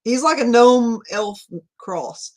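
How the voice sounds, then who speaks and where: A woman's voice: fairly high pitch, lively intonation, slow pace, a little mellow. A woman with a Southern US accent hosting a casual livestream, chatting in a rambling way, laughing often and reading viewer comments aloud. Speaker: livestream host. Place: home room at night.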